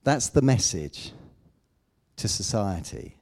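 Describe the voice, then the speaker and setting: Male preacher, slow delivery, low mellow voice, emphatic sermon with quiet asides. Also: big pitch swings, creaky. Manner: emphatic, rises to loud declamation then drops to asides.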